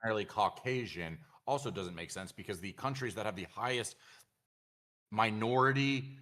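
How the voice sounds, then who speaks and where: A man's voice: on the low side, normal speed, fairly bright tone. Man, live trader op stream, lage stem, bot en direct, losse kletstoon. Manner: blunt, argumentative, counts aloud while checking numbers. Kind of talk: casual livestream talk.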